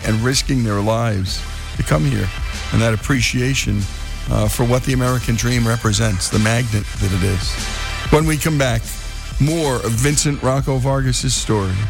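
Gravelly male radio host over music. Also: medium pitch. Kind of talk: scripted radio narration. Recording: radio show with music underneath.

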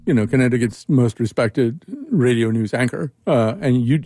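A warm, medium-pitched male voice at a moderate pace hosts a casual radio talk show. He rambles and jokes, often interrupting and restarting himself.

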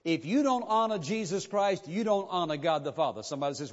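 A man with a notably high voice delivers an insistent, emphatic sermon, hammering his points home with repetition. His words ring out through a church sanctuary with a long reverb tail. The recording itself is dull and muffled. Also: lively intonation, brisk, few pauses. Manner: emphatic, insistent preaching with repeated phrases. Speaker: pastor.

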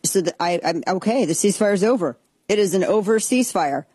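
A woman hosts a political commentary show, blunt and sarcastic, with lots of energy in her delivery. Her voice sits at a middle pitch and is recorded close and dry, with no room sound. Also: animated, fast, warm tone, breathy edge, no echo. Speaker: political talk show host. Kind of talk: opinionated commentary.

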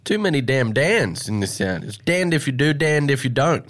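A man's voice: mid-range voice, very animated, normal speed, a bit bright. A man with an Australian accent, co-hosting a casual chat in a laid-back, joking way. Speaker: co-host.

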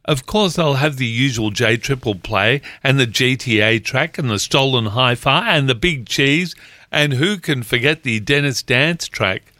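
A man hosts a relaxed community radio show, reading listener jokes and letters with a joking touch. His voice is bright and dry, and he takes his time. His pitch moves a lot as he talks. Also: measured pace, no echo. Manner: jokey, reads listener jokes and letters aloud. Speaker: radio host. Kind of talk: casual community radio chat.

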